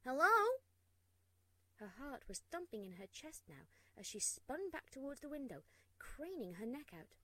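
A woman narrating a storybook aloud, expressive and hushed in tense moments. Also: a little high, moderate pace, few pauses, dry recording, poor audio.

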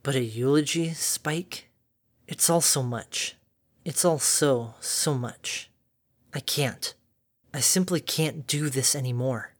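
A man's voice: mid-range voice, slow pace. A man voicing a weary, battle-scarred mare pony, tired and bitter.

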